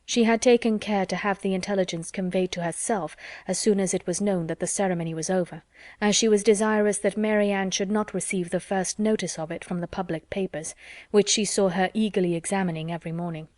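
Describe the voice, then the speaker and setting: Measured woman reading a classic novel. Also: medium pitch, dry recording, clean studio sound. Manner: measured, even storytelling. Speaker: audiobook narrator. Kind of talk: classic novel audiobook narration.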